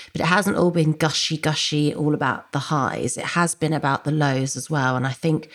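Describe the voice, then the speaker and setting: A woman hosting a podcast, asking thoughtful conversational questions. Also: low voice. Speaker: podcast host. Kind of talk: conversational interview.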